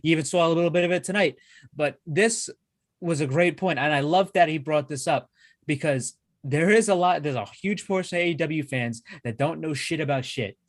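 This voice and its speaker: Excitable, swearing man, slightly high voice. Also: fairly quick, dry recording, clean studio sound. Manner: excitable, swears freely, frequent restarts. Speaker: wrestling podcast co-host. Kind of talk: casual chat.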